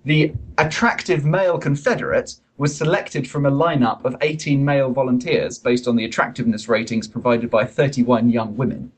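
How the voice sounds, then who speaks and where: A man's voice: medium pitch, normal speed, few pauses, slightly rough, poor audio. A man hosting a comic science podcast, wry and pun-loving, reading from a study. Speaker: podcast host.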